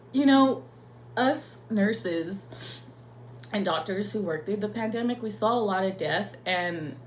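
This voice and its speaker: A woman's voice: mid-range voice, a little hiss or hum, low-quality recording. Candid, swearing nurse telling her story. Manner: candid and profane, emotional. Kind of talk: personal confessional vlog.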